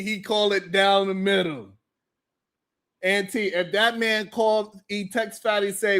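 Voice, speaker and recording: A man's voice: high voice, animated, slow pace, long pauses, fairly bright tone. A man hosting a morning talk show, teasing his guests and laughing often between lines. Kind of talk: livestream talk show commentary.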